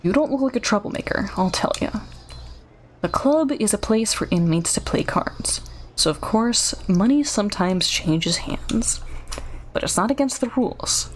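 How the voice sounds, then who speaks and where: A woman voicing a smooth-talking prison card club owner in a video game, with salesy, persuasive patter. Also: mid-range voice, close to an everyday voice.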